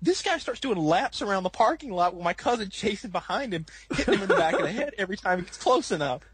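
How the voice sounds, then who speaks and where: A man with a slightly high, husky voice tells a story on a podcast. He talks casually and with energy, and laughs often. The sound is dry and close to the mic. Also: quick pace, dry recording. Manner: animated, laughs often, acts out quoted people in a higher voice. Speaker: podcast co-host.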